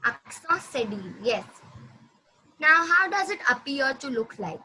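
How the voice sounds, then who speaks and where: A woman teaching a language lesson, patiently repeating words slowly for her student. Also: sits high, big pitch swings, bright, forceful tone, a little hiss or hum, poor audio. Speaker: French teacher.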